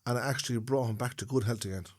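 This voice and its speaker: A man's voice: mid-range voice, rapid-fire, darkish tone, dry recording, clean studio sound. A man of about fifty with an Irish accent, co-hosting a casual podcast chat and speaking about faith with earnest conviction. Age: 50s. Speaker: podcast co-host.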